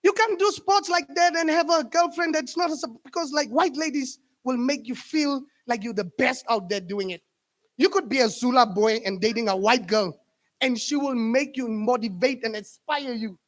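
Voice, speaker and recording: Give me an animated young Namibian man performing stand-up comedy, fairly high voice. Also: normal speed. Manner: animated, laughing at his own jokes.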